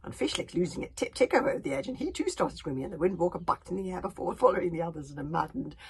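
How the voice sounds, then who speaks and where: Woman narrator, whispered story reading, low voice, lively swings. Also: very fast, creaky, a little hiss or hum. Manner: hushed whisper with sudden loud bursts and chatty asides.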